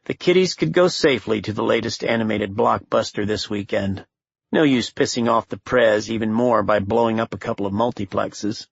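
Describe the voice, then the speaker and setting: A man narrating a thriller audiobook in a steady, measured voice, from a slightly dull recording. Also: lowish voice, vocal fry, husky, dry recording. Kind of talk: scripted narration.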